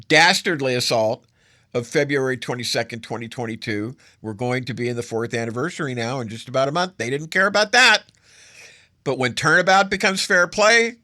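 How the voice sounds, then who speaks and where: A man's voice: mid-range voice, sharp tone, no room sound, studio quality. A man hosting solo political commentary, sarcastic and emphatic, stacking up adjectives as he argues.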